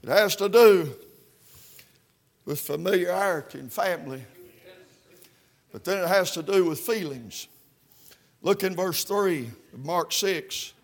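Preacher man, high voice, fervent, lots of "uh, uh", revival sermon that builds to shouting. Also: slow pace, long pauses. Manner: fervent, peppered with "uh, uh", climbing to shouts. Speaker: Baptist preacher.

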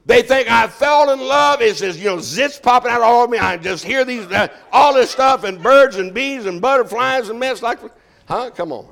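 A man's voice: extremely high pitch, expressive, normal speed, gravelly, a bit bright. An older man preaching a sermon as pastor, folksy and joking.

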